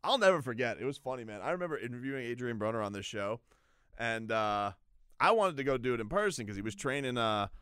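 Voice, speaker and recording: Smooth-voiced man rambling about boxing. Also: mid-range voice, quick pace, no echo, studio quality. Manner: rambling, animated storytelling with restarts. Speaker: boxing radio host. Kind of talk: casual sports talk monologue.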